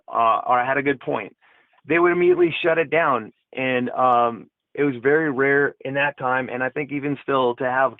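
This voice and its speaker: A man's voice: mid-range voice, no room sound. A man calling into an online debate, hesitant and rambling, full of fillers. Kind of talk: casual debate. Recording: tinny dry call line.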